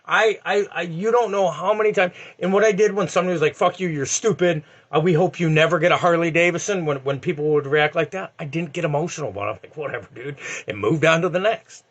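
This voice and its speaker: A man's voice: fairly high pitch, quick pace, few pauses, breathy edge, lo-fi sound. A man in his forties giving a blunt, profane motivational talk in a vlog. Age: 40s. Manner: blunt and profane, animated, heavy swearing. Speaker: eBay reseller.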